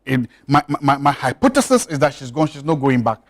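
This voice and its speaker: A man's voice: mid-range voice, big pitch swings, fairly quick. A man, a studio guest on a television talk show who makes his points emphatically and insistently, often repeating them.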